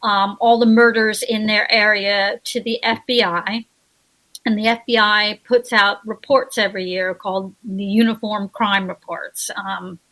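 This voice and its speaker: A woman author, a guest on a radio interview, telling a crime story in an earnest, halting way and often restarting her sentences. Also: medium pitch, little pitch movement, bright, forceful tone, rough recording.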